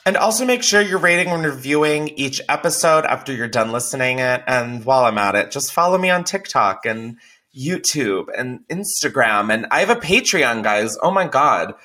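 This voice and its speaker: A man's voice: mid-range voice, pushed and bright. A man hosting a podcast in casual, candid chat, swearing freely and filling his talk with "like". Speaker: podcast host.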